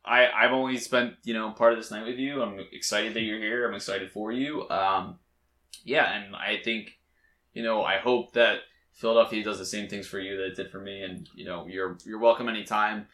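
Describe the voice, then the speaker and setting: A man's voice: on the low side, fairly even intonation, moderate pace, pushed and bright. A man hosting a podcast in casual chat, upbeat and joking. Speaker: podcast host. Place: hot room.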